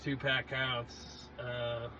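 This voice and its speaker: A man hosting a podcast in casual chat, throwing in quick jokes. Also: medium pitch, flat delivery, sharp tone. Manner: joking, throws in quick quips. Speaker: podcast host. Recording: dull lo-fi sound with clear background noise.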